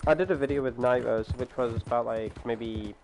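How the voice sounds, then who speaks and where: Brief: young English male streamer, rambling casual chat over headset, steady hiss behind. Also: mid-range voice, normal speed, creaky. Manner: rambling, explains with many fillers. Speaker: game streamer. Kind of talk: casual chat while gaming. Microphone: gaming headset.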